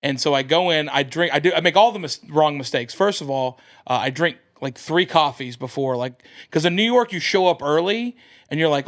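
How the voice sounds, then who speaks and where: An American man with a somewhat high voice tells a story on a podcast. He talks in a lively, animated way and acts out the people he quotes. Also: fairly quick. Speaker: comedian guest.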